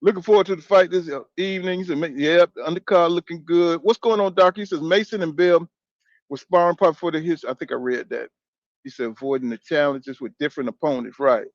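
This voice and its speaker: A man in his fifties hosts a boxing channel live stream, reading out viewer comments and talking back to chat in a loose, profane way. His voice is a little high and fairly quick. The audio is dull, with no room sound.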